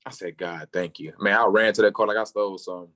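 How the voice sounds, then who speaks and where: Young guy talking fast, low voice, tells his story and jumps way high when he does other people's lines. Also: little pitch movement, sharp tone. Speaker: football player guest. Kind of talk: animated storytelling in an interview.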